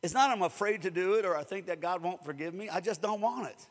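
High-voiced preacher in a hall. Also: male voice, fast talker. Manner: lively preaching with call-outs to the congregation. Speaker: pastor. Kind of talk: sermon.

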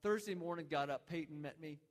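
A man's voice: on the high side, a little fast. A man in his thirties preaching a sermon, telling a story earnestly, with many restarts. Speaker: pastor. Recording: long hall reverb.

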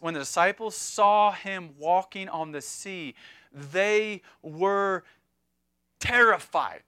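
A man preaching with a high, bright voice in an animated, chatty way, full of asides and jokes. The sound is dry and close, with no room around it. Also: clean tone, no echo. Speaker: pastor. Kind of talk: sermon.

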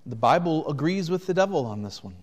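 A man preaching a sermon, earnest, swinging between loud urgent passages and hushed ones. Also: fairly high pitch, animated, brisk, husky, long reverb tail. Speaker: pastor.

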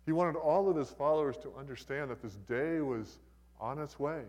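A man's voice: on the high side, normal speed, a little mellow, in a large hall. An older man preaching a sermon as a pastor, in a conversational, folksy way with humorous asides.

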